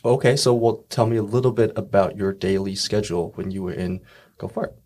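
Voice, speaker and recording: A man's voice: on the low side, fairly quick, mellow. A man interviewing a guest in English, asking curious questions and joking with her in a teasing way. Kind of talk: casual interview chat.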